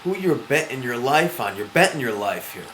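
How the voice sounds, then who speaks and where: A man's voice: medium pitch, very animated, normal speed, fairly bright tone, slight background noise. A man co-hosting a casual sports show, teasing his partner and ranting in mock outrage. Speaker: sports podcast co-host.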